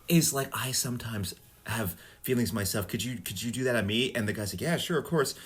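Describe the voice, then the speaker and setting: A man's voice: mid-range voice, a little fast, breathy edge. A man co-hosting a podcast, retelling a comedy episode in casual chat. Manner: animated storyteller, acts out scenes. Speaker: podcast co-host.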